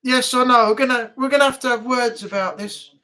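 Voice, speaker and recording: A man's voice: very high voice, fairly even intonation, a little fast, sharp tone. Chatty man grumbling on stream. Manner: grumbling, chatty, swears casually. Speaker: live stream host. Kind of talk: casual live chat.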